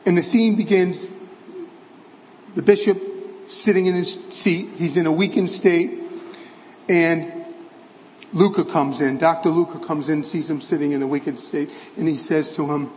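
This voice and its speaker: A man's voice: fairly high pitch, steady tone, a little slow, a little mellow. Earnest male preacher in a reverberant church. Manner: earnest storytelling, some stammered restarts. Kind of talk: sermon, retelling a film scene.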